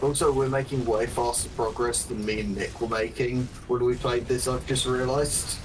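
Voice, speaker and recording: A man's voice: mid-range voice, flat delivery, normal speed, music in the background. A man chatting casually while playing a game co-op, making dry, teasing jokes. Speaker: co-op player. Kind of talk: casual gaming chat. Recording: hissy noisy mic.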